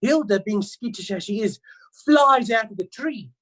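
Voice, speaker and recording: A man's voice: high voice, animated, normal speed, a bit bright, breathy edge, exaggerated voice, poor audio. A man doing a paranoid gossipy crow. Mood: indignant. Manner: conspiratorial, dramatic, suspicious. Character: paranoid gossipy male crow, suspicious busybody. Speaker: improv performer. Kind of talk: improvised first-person storytelling. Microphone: video call.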